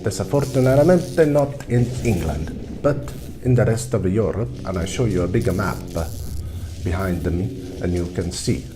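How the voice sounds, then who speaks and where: A man's voice: deep voice, moderate pace, music in the background. A man hosting a casual how-to demonstration in a loose, joking, rambling way. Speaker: tutorial host.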